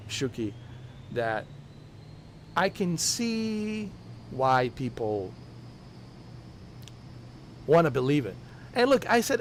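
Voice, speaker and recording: A man's voice: medium pitch, darkish tone, a little hiss or hum. A man streaming a game, talking in casual, rambling chat in an insistent way with many restarts. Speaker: gaming streamer.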